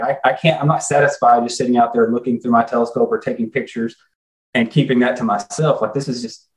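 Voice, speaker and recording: A middle-aged man, an interview guest, talking casually and eagerly with lots of "you know". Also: mid-range voice. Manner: enthusiastic, folksy, says "you know" often. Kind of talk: casual conversation. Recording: echoey room.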